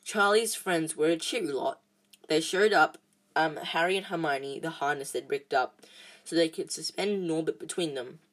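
A woman reading a novel aloud chapter by chapter, halting often with restarts and fillers. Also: low voice. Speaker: storybook reader.

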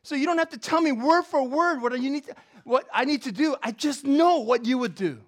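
A woman preaching a sermon with a slightly high voice. She drops into quiet, chatty asides, then climbs into loud, emphatic stretches of preaching. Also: a little fast. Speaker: professor.

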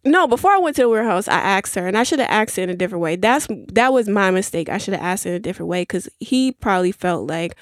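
A woman's voice: medium pitch, animated, quick pace, few pauses, no echo, studio quality. A young woman hosting a podcast, telling a rambling story in casual chat with many fillers and asides. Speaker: podcast host.

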